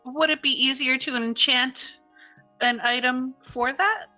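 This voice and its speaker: A woman's voice: high voice, fairly even intonation, a little slow, bright, forceful tone, faint music behind, rough recording. A woman playing a tabletop game in character, casual and playful. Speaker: player.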